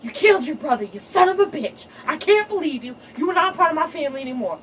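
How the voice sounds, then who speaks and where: A woman's voice: high-pitched, big pitch swings, fast talker, a bit bright, voice pushed up. Woman doing a screeching vengeful lioness villain. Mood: enraged. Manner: screeching, profane threats. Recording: distant mic, noisy ambience.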